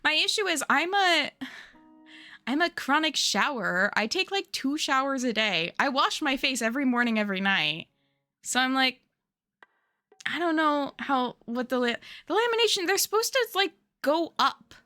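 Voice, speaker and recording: A woman's voice: high voice, lively intonation, normal speed, sharp tone, no room sound, studio quality, faint music behind. A young adult woman streamer in casual chat with her viewers, rambling, giggly and answering chat as she goes.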